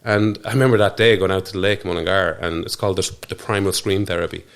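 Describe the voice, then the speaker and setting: A man's voice: sits low, fairly even intonation, fast, creaky. An Irish man talking earnestly in a studio interview, often restarting and trailing off mid-thought. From Ireland. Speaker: podcast guest. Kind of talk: reflective conversational interview.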